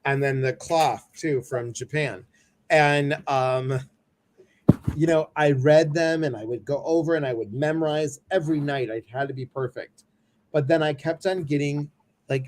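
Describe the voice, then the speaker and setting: A man hosting a casual chat, telling stories in an animated way and acting out the people in them. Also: fairly high pitch, moderate pace, slight background noise. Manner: animated storytelling, acts out voices. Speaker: host.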